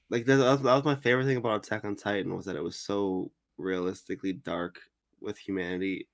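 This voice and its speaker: A man's voice: low voice, fairly even intonation, quick pace, dry recording, clean studio sound. A man co-hosting a casual podcast, ranting in an exasperated way with heavy profanity. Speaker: podcast co-host. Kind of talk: casual podcast chat about an anime.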